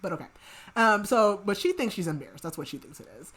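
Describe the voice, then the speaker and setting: A woman hosting a podcast, recapping a book in casual chat, rambling with lots of filler "like" and dropping into soft murmured asides. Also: medium pitch, animated, fast. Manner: rambling, heavy use of filler "like", chatty asides; laughs at her own remarks, drops to soft murmured asides. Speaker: podcast host.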